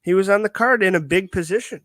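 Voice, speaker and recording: High-voiced man hosting a wrestling chat. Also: a bit bright, dry recording. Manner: upbeat, chatty, quick to chime in. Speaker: podcast host. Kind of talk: casual wrestling review chat.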